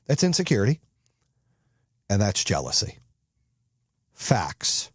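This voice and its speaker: A man hosting a podcast, giving a profane, emphatic motivational talk in a husky voice that rises loud and high when he gets excited. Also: measured pace, long pauses, dry recording, clean studio sound. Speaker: podcast host. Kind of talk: motivational monologue.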